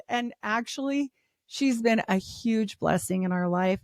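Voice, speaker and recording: A woman in her forties telling a personal story as a podcast guest, animated, laughing often and filling her talk with "like". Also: on the high side, moderate pace, dry recording, clean studio sound. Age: 40s. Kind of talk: casual storytelling.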